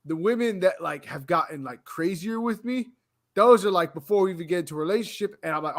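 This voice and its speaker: Man, podcast co-host, earnest, explaining, high voice, bright tone. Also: fast. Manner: earnest, explaining himself at length. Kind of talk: casual rant chat.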